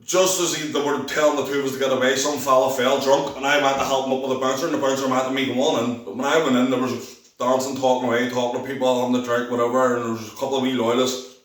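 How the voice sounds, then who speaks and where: A man with a Belfast accent recounts his testimony in a loose, rambling way, often restarting and acting out the voices of people he quotes. His voice sits at an ordinary middle pitch. He is heard from a distance in a very echoey room. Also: little pitch movement, fast, a bit bright. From Northern Ireland. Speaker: testimony speaker. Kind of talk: personal testimony.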